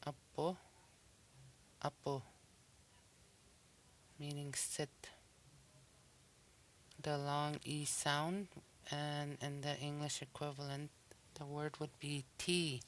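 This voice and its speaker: A language teacher giving a recorded pronunciation lesson, saying each example word slowly and then repeating it with care. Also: medium pitch, monotone, a bit bright, slight background noise.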